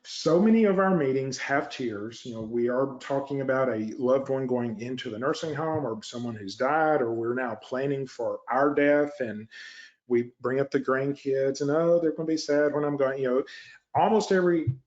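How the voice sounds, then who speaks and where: A man of middle pitch teaching fellow attorneys how to set up an office, chatty and practical, slipping into quick acted-out client reactions. The sound is a bit dull and muffled. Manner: conversational, acts out client reactions in quick asides. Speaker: elder law practice coach. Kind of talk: instructional talk to lawyers.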